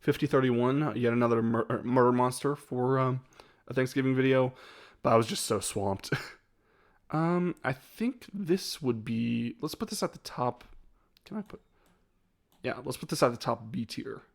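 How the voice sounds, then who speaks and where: Guy streaming and rambling thru a tier list, lots of ums and little laughs, normal middle pitch. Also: normal speed, creaky. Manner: rambling and hesitant, with frequent laughs. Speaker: streamer ranking his own videos. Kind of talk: casual live-stream chat.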